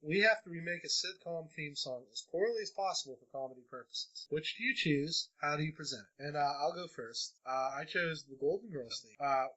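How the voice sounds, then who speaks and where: A man's voice: a little high, fairly quick, few pauses, sharp tone, muffled recording. A young man hosting a casual podcast chat, joking and laughing often. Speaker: podcast host.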